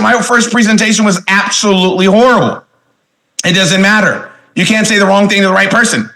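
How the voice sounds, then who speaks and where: A middle-aged man giving an energetic motivational seminar talk, emphatic and repetitive, throwing questions at the audience. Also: sits high, fairly quick. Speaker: motivational sales trainer.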